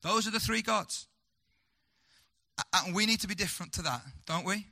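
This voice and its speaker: A man preaching a sermon, asking the congregation rhetorical questions and swinging between loud, urgent lines and hushed, slow ones. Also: high voice, vocal fry.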